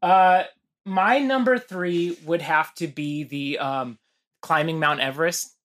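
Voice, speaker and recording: A man's voice: fairly high pitch, takes it slowly, fairly bright tone. A man guesting on a podcast, chatting loosely with lots of fillers, restarts and laughs. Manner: rambling, many fillers and restarts, laughs often. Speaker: guest musician. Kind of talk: casual podcast chat.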